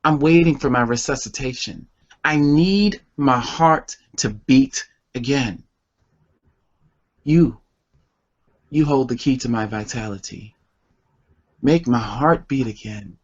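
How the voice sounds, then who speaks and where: A man, a poet and author appearing as a guest, reads poetry slowly and deliberately, dwelling on each line with strong emotion between bits of chat. The audio is dull and lo-fi, reminiscent of an old internet radio program.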